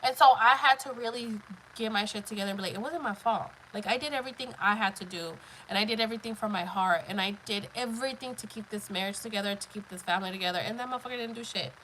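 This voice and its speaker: A woman's voice: mid-range voice, quick pace, pushed and bright, a little hiss or hum, low-quality recording. A woman in her thirties chatting casually on a live stream, blunt, profane and emphatic as she tells her story.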